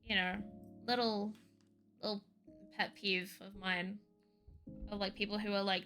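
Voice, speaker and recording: A woman's voice: medium pitch, fairly even intonation, moderate pace, pushed and bright, soft background music. A woman streaming from home, chatting casually in a rambling, ranty way, with lots of "like". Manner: rambling, ranty, heavy use of "like". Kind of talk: casual chat.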